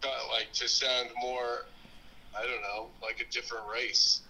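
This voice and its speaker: A man's voice: medium pitch, level tone, a little slow, sharp tone, low-quality recording. A man chatting over a remote call, rambling and hesitant with lots of fillers. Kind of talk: casual chat.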